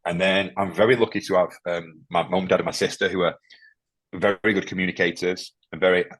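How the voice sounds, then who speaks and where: Male guest, deep husky voice, quick and halting, emotional and candid. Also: flat delivery, a bit bright, dry recording. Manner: halting, emotional, many restarts. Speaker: podcast guest, firefighter. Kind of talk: candid interview conversation.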